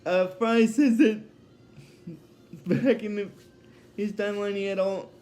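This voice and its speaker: A man's voice: high-pitched, steady tone, measured pace, darkish tone. A man casually recapping a cartoon episode, rambling, often restarting his sentences and laughing at his own retelling.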